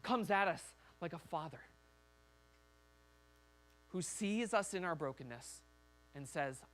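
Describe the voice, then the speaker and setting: A man's voice: a little high, animated, takes it slowly, pauses often, a bit bright, a little hiss or hum. A man preaching a sermon as a pastor in a church, talking conversationally and acting out quoted voices.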